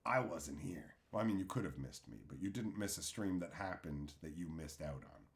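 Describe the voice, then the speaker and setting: A man's voice: low voice, expressive, moderate pace, creaky. Guy rambling on his stream, cracking jokes and reading chat, voice swings all over. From Canada. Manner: rambling, joking, reads viewer chat aloud. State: tired after dental work. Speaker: livestream host. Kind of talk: casual live-stream chat.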